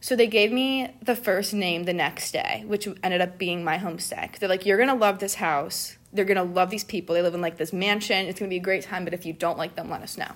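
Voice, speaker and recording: A young woman, a guest in a casual conversation, tells a study-abroad story with lots of animation, acting out what people said and saying "like" often. Her voice is fairly low, and she speaks briskly with few pauses.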